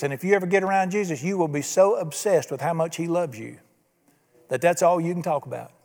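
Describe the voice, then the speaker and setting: A pastor preaches in a church hall whose long reverb trails his words. His voice sits high for a man, and he talks folksily, tossing out rhetorical questions.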